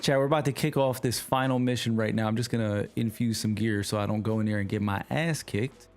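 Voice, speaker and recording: Laid-back New York streamer. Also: male voice, on the low side, fairly quick, soft background music. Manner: relaxed, slangy, talks to chat. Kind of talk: casual livestream chat while gaming.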